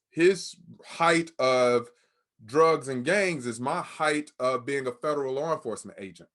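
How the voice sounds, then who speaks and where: A man's voice: a little high, a bit bright. A man speaking as a guest, telling a candid, emotional personal story in conversation and acting out what people said. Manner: candid, emotional, acts out quoted dialogue.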